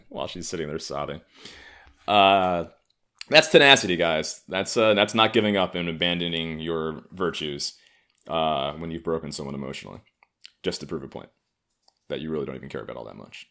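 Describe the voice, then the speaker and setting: A man's voice: low-pitched, a little fast, fairly bright tone. A man in his thirties from Harlem, hosting a solo comedy podcast with sardonic, profane riffing. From Harlem, New York. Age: 30s. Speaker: podcast host.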